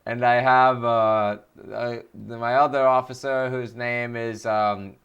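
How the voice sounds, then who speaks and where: A man doing Captain Picard, slow and deadpan. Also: mid-range voice, smooth, muffled recording. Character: silly starship captain, middle-aged man, deadpan.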